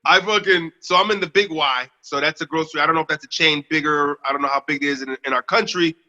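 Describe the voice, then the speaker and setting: Talking fast with a sharp tone, a young Northeastern US man with a baritone voice laughs and swears his way through a story while cohosting a casual podcast. The sound is lo-fi, with a big-room quality.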